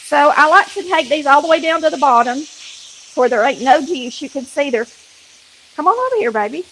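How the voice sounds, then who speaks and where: A woman's voice: sits high, brisk, a bit bright, a little hiss or hum, low-quality recording. A woman with a country Southern accent hosting a cooking show, chatting folksily to viewers while she cooks in her kitchen. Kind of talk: casual cooking chat to viewers. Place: home kitchen.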